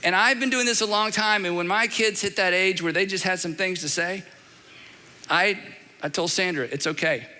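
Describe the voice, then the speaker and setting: A middle-aged man preaching a sermon from a church stage, emphatic and animated, with dramatic repetition. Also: high-pitched, moderate pace. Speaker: pastor. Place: large church auditorium. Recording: long reverb of a large hall.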